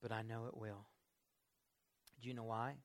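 An older man, a pastor, preaching a sermon in a folksy, conversational way, moving between soft asides and emphatic lifts. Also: on the low side, little pitch movement, moderate pace.

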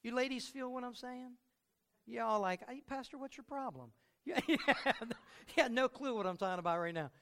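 A middle-aged male pastor delivering a lively sermon in a high, bright voice. He tells stories with big swings, bursting out loud one moment and dropping to quiet reflection the next. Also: normal speed, clear, resonant tone.

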